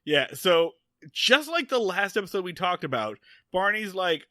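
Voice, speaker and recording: Male comedy podcast co-host, wry recapper, very bright tone, dry sound. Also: sits high, big pitch swings, normal speed, no room sound. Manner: wry plot recaps with joking asides. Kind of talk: casual comedy podcast chat.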